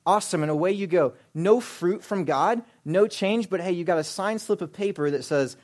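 A young adult man preaching a sermon as pastor, emphatic and full of rhetorical questions, swinging between loud pushes and hushed asides. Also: sits high, normal speed.

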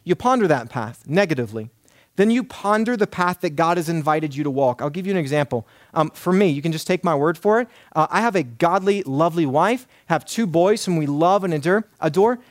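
Pastor type, man in his thirties, earnest emphatic sermon delivery, slightly high pitch, dry close sound. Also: lively intonation, a little fast, dry recording. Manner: earnest, emphatic preaching with repeated lists.

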